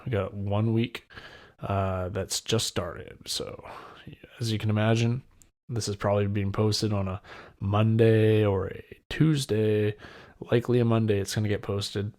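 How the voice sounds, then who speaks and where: Guy in his 20s doing a solo podcast, kinda low voice, lotta fry, rambly and self-deprecating. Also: fairly even intonation, unhurried, a little mellow. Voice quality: wet mouth sounds. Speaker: podcast host. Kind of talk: solo casual podcast chat.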